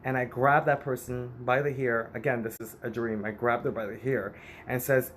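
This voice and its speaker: A man's voice: medium pitch, fairly even intonation, normal speed, fairly bright tone, slight background noise. A man telling his own story in a vlog, candid and emotional. He speaks frankly and retells painful family moments in a plain, confessional way. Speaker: vlogger. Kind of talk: personal storytelling.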